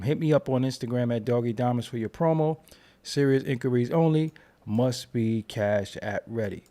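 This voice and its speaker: A man's voice: mid-range voice, mellow. Tired, rambling man hosting a stream. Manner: loose, rambling, playful, with drawn-out repeats. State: tired, yawning. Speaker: YouTube commentary host. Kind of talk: casual live-stream chat.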